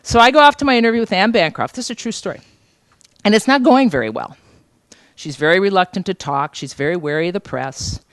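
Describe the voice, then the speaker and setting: A woman teaching a journalism seminar, telling an anecdote in an animated, conversational way and acting out the quotes. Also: medium pitch, fast talker, no room sound. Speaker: journalism instructor.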